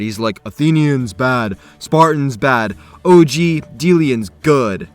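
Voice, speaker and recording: A man's voice: mid-range voice, fairly bright tone. A man casually talking through a video game quest, chatty and self-correcting as he goes. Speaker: gaming youtuber.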